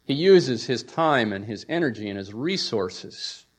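A man's voice: expressive, unhurried, slightly rough. Emphatic male pastor preaching. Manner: emphatic preaching with rises and drops in pitch and volume. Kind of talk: sermon.

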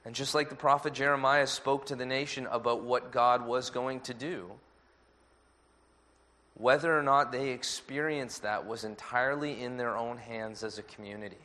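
Earnest male pastor preaching. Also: mid-range voice. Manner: measured, earnest preaching with a lively anecdote. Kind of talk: sermon.

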